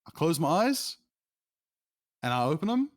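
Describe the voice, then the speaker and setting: A man, a streamer telling rambling, animated stories as an interview guest. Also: normal speed. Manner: animated, rambling, with sudden pitch jumps. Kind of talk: casual storytelling.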